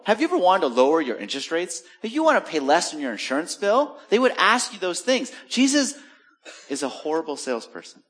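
A pastor giving a sermon in a conversational, storytelling manner, joking with the congregation and dropping to a soft, low voice for serious points. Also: male voice. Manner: conversational storytelling with jokes and acted asides.

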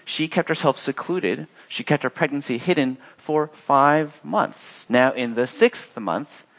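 A man preaching a sermon, reading scripture and telling stories in an animated way, acting out the voices he quotes. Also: measured pace. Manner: animated storytelling, acts out quotes with big pitch jumps. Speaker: pastor.

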